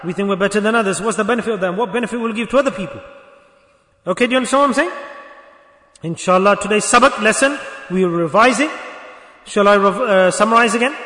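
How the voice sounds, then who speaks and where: A man preaching a lesson as a Sufi teacher, lively and acting out little dialogues, sometimes rising to a shout. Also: sits high, reverberant, in a large hall. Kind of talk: sermon.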